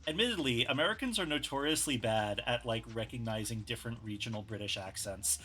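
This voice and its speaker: Bright-voiced laid-back man from New York. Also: mid-range voice, fairly quick, slight background noise. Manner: laid-back, sweary, self-mocking. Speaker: streamer host. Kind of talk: casual chat while drawing on stream. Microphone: desktop USB microphone.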